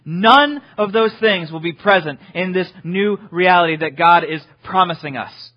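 A male pastor preaching a sermon with a slightly high, husky voice. He talks earnestly, dropping to a hush and then rising to emphatic peaks. The recording sounds dull and lo-fi. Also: a little slow. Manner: earnest, swings from hushed to emphatic, repeats words.

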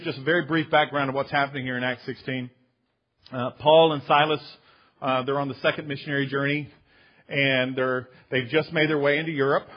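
Husky-voiced male pastor preaching. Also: mid-range voice, dull audio. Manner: emphatic, slows down to stress key phrases; addresses listeners as friends, with some restarts. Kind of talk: sermon.

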